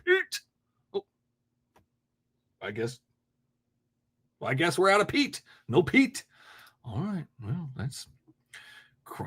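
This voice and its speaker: A man's voice: sits high, bright, forceful tone, slightly rough. A man hosting a live call-in debate podcast, blunt, mocking and profane, laughing often. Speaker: host.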